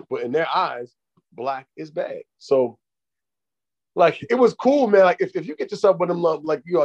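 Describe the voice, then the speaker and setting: A man co-hosting a podcast in casual chat, telling stories in a profane, animated way. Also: fairly high pitch, lo-fi sound. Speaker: podcast co-host.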